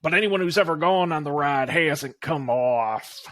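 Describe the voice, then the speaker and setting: Dumpy Dog, a worn-out grown man sweating inside a cheap dog costume at a kids' park, drawls every line slowly like he is half stoned, as a man puts him on in an improvised podcast story. The voice sits a touch high. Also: fairly bright tone, no room sound, studio quality. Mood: laid-back. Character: burned-out adult male park mascot in dog suit.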